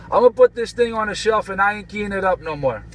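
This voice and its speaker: A man's voice: high-pitched, animated, fast, over a noisy crowd, poor audio. A man in a vehicle bantering on CB radio, teasing other drivers and repeating his catchphrases. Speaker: trucker on CB radio.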